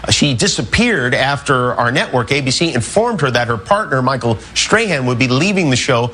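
A man's voice: mid-range voice, lively intonation, moderate pace, sharp tone, breathy edge. A man on morning radio reading entertainment news in a wry, matter-of-fact way. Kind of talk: casual news read.

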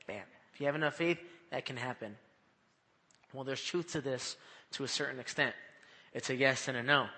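A man preaching a sermon in a lively, conversational way, often checking in with his listeners. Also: on the high side. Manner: animated, conversational, often asks "right?". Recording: long hall reverb.

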